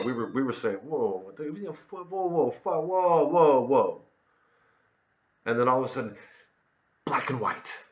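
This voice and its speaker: Over dull lo-fi audio, a comedian with a medium-pitched, slightly bright voice delivers a sardonic satirical monologue. It wanders through digressions, and he sometimes slips into voices.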